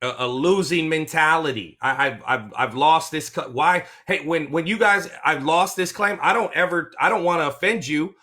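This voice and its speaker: Middle-aged man, veterans' claims coach, bright and slightly high voice, emotional, rambling, keeps restarting his sentences. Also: moderate pace, hardly any pauses. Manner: emotional, rambling, self-interrupting. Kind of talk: motivational vlog talk.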